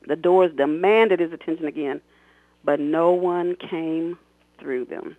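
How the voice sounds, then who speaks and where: A man's voice: high-pitched, normal speed, no room sound. A man, an author, reading a scene from his novel aloud expressively on a radio talk show, then chatting about it. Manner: expressive, shouts characters' lines. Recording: tinny phone line, dry.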